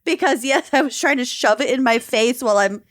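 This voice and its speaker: Bubbly woman podcast co-host, fairly high. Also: animated, brisk. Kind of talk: casual chat and read sponsor ad.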